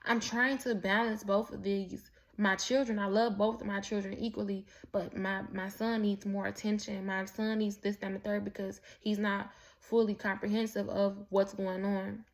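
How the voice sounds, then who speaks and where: A woman telling a personal story in a candid, profane, rambling way, full of restarts and asides. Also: medium pitch. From Mexican heritage. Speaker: vlogger. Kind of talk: casual storytelling monologue.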